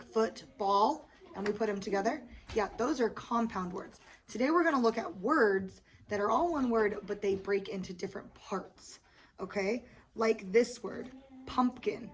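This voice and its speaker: An elementary school teacher guides a small group of young children through a lesson, patient and encouraging, and praises them often. Her voice is mid-range at a normal speed, and the classroom recording is noisy with children's chatter.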